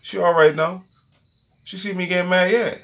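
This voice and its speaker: A man's voice: high-pitched, fairly quick, lo-fi sound. A man hosting his own podcast, talking in a loose, profane rant from his home setup and checking in with listeners. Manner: animated, profane, keeps asking "okay?". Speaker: podcast host. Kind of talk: casual solo podcast rant.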